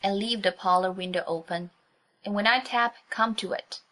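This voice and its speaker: A woman voicing a bold, gallant male highwayman who is commanding at one turn and gently teasing at the next. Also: fairly even intonation, normal speed, lightly acted, rough recording. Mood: gentle. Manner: commanding, then gentle and mocking.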